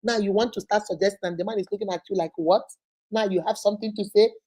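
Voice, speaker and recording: A Nigerian woman in middle age talks through relationship questions in a casual, animated way. She tells stories with relish and slips into quoted voices. Her tone is warm and mellow rather than bright. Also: mid-range voice, rapid-fire. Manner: lively storytelling, acts out quoted voices, frequent laughter. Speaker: host answering relationship questions. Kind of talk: animated casual advice talk.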